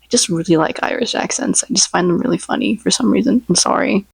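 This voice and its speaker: A woman's voice: mid-range voice, quick pace, vocal fry. A woman vlogging in a casual, rambling, chatty way, joking about her favorite memes and impressions. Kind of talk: casual chat.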